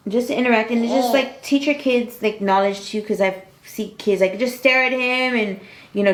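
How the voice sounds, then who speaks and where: A mother answering interview questions casually, soft-spoken with many "um"s and frequent laughs. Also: mid-range voice, roomy sound. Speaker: mother of the child.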